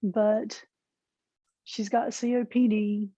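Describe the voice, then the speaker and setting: A woman's voice: medium pitch, little pitch movement, slow, dark tone, no echo. A woman client at a reading, giving brief, matter-of-fact answers. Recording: dull dry audio.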